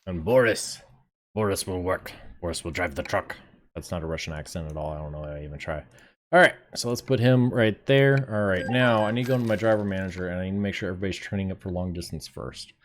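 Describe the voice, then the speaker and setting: A man's voice: deep voice, fast. A man streaming a game, chatting casually to his viewers, laid-back and swearing now and then. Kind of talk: casual live gameplay commentary.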